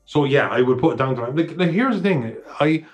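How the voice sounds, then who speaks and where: A man's voice: on the high side, animated, brisk, soft background music. A man co-hosting a film podcast in casual chat, rambling with many restarts, fillers and swearing. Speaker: podcast co-host.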